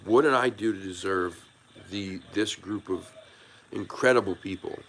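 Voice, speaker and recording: A man with a low, gravelly voice hosts a live stream, chatting loosely with his audience. He rambles and restarts his sentences, earnest and a little emotional as he thanks people in the chat by name. His tone stays friendly and unpolished throughout. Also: measured pace, a bit bright, a little hiss or hum. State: emotional, moved by viewers. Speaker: YouTube live stream host. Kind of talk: casual live chat with viewers.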